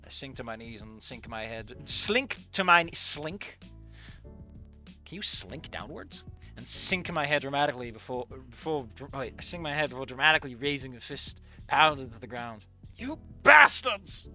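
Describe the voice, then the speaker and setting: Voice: mid-range voice, normal speed, sharp tone, soft background music. A fanfic reader reading aloud with casual, profane, jokey asides and live commentary.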